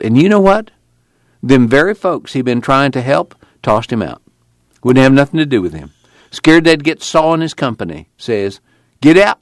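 A man doing a fervent high-voiced preacher. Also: no room sound, clean studio sound. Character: excited earnest rural preacher man. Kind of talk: audiobook character voice.

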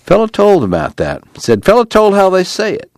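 A man's voice: sits high, wildly swooping pitch, moderate pace, a little mellow, no echo, studio quality, pitched above the performer's own voice, heavily acted. A man voicing a wry, drawling farm son. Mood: thoughtful. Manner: laconic rural drawl, teasing. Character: wry young farm son, easygoing but tough. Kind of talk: audiobook dialogue reading.

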